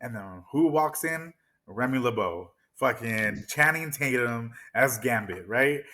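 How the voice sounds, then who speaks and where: A man co-hosting a casual movie discussion, talking in an excited, rambling way and swearing freely. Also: medium pitch, a little slow, slight background noise. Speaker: podcast co-host.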